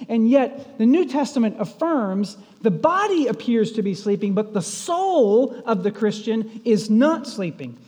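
A man's voice: very high voice, a little mellow. A male pastor preaching a sermon. He asks the listeners questions and retells stories. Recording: long reverb of a large hall.

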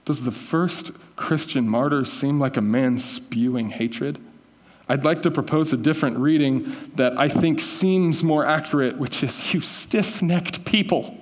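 A man's voice: mid-range voice, measured pace, in a large hall. A man preaching a conversational sermon as a pastor, correcting himself and teasing listeners by name.

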